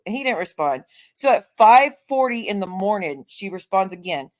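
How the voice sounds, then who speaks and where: A woman in her forties talks loosely and conversationally as she hosts a livestream. She reads viewer comments aloud and answers them in an easygoing, chatty way. Her voice sits at an ordinary middle pitch. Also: very animated, normal speed, few pauses. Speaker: livestream host. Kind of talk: casual livestream chat.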